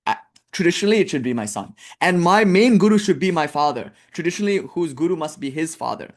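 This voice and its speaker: A young man giving a casual, animated talk on spiritual texts as a teacher, wandering into tangents and jokes. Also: on the high side, fast. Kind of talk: casual lecture on scripture.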